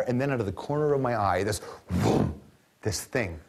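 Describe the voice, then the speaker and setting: A man hosting a TV talk show, telling a comic story about himself in an animated, self-mocking way with quick asides. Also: medium pitch.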